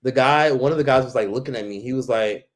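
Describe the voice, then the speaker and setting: Guy rambling through a travel story, tons of fillers and cussing, mid-pitch voice. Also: fast talker. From United States. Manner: rambling, heavy on fillers and profanity. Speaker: travel vlogger. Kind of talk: casual storytelling.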